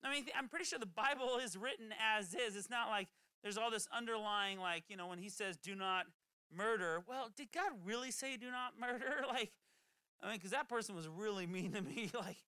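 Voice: medium pitch, sharp tone, smooth, dry recording. A preacher giving a casual, chatty sermon that keeps slipping into quoted voices. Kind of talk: conversational sermon.

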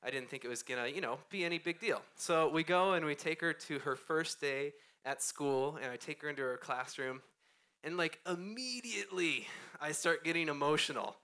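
A man's voice: fairly high pitch, moderate pace, sharp tone, smooth. Chatty self-deprecating preacher man. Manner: chatty, self-deprecating, often laughing while talking. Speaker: pastor. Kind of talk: casual conversational sermon. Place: church stage. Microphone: close handheld or stand microphone.

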